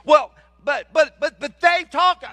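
A man's voice: unhurried, sharp tone, dry recording, full character voice. A preacher voicing a reluctant male churchgoer who stammers out excuses in a raised, complaining voice. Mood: whining. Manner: stammering, protesting, high-pitched.

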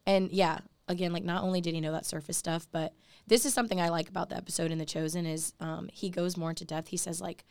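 A young woman talks earnestly on a podcast, leaning on "like" as she goes. Her voice sits a little low with a gravelly fry. The sound is dry and close. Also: steady tone, quick pace, dry recording. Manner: earnest, many "like" fillers. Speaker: podcast co-host. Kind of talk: casual faith podcast chat.

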